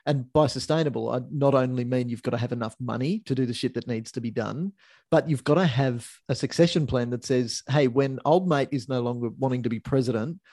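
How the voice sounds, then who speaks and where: A man's voice: medium pitch, a little mellow. A man, co-hosting a podcast in casual chat, swearing and laughing now and then. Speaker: podcast co-host.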